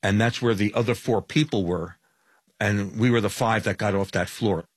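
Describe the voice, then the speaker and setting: A man, a survivor, giving a vivid, deliberate account in an interview. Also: lowish voice, husky, no echo. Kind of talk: interview testimony.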